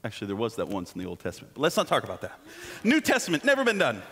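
A man preaching a sermon in a church, animated and joking, with self-deprecating asides. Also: medium pitch, racing, big-room sound, a faint crowd, a little hiss or hum. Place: church sanctuary.

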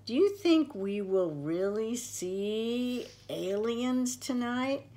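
Jumpy storybook boy read by a woman, lifted higher than her reading voice. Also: lively intonation, takes it slowly, dark tone. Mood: worried. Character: nervous boy, worried and jumpy.

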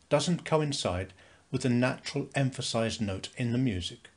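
A man with a British accent narrating a scripted music lesson, clearly counting beats aloud and stressing the first. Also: medium pitch, animated, measured pace. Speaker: music teacher.

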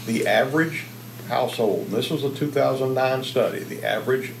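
A man, a county commissioner, making a measured argument with figures in a public meeting. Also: medium pitch, creaky, a little hiss or hum. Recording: echoey council chamber.

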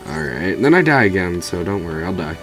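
A man's voice: low voice, sing-song, quick pace, over music. A man giving rambling let's play commentary over a video game, swearing casually at it. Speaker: gamer commentator.

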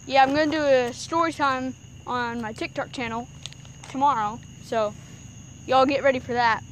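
A woman's voice: high voice, fairly even intonation, normal speed, poor audio. A teenage girl chatting casually and rambling as she vlogs outdoors in the countryside. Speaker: vlogger. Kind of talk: casual vlog chat. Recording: phone recording outdoors with background noise.

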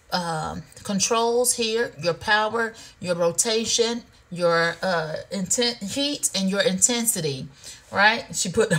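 A woman's voice: mid-range voice, fairly bright tone. A woman hosting a live shopping show, chatting casually with viewers while demoing a product, playful and full of "y'all" and "honey". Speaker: livestream shopping host. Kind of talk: casual product demo chat.

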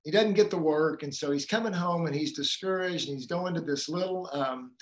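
Man retelling a film scene, echoey. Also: on the high side. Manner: storytelling, retells a film scene with acted quotes; halting, many fillers and restarts. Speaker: guest speaker on fathering. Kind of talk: casual talk on a live community call.

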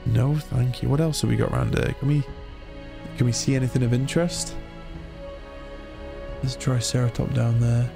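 A young man chatting excitedly as he commentates his own game playthrough. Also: mid-range voice, moderate pace, vocal fry, pauses often. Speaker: gaming YouTuber. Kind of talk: let's play commentary. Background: game music.

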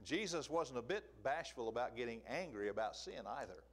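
A man preaching a sermon in an emphatic, animated way, asking rhetorical questions. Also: mid-range voice, normal speed.

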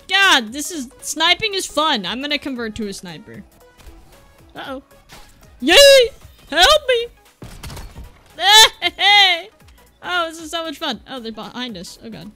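A woman giving excitable gameplay commentary, yelping, shouting and mock-raging at the game. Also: sits high. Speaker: gaming YouTuber.

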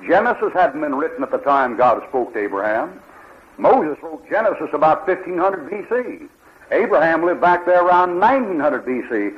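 A man preaches a fiery sermon with a fairly high voice that swings widely up and down. He hammers away with repeated rhetorical questions and mimics the people he argues against. The sound comes from a dull, lo-fi archival tape. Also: animated, normal speed.

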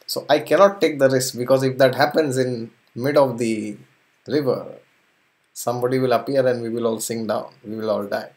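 Man telling a scripture story as a lesson, keeps chuckling, mid pitch voice. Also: normal speed. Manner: chuckles often, animated retelling with acted quotes. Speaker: spiritual teacher.

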